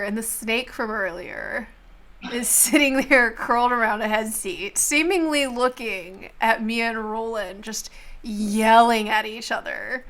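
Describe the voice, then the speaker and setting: A woman running a tabletop role-playing game as game master, narrating scenes in an animated, laughing way. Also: on the high side. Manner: animated storyteller who laughs often.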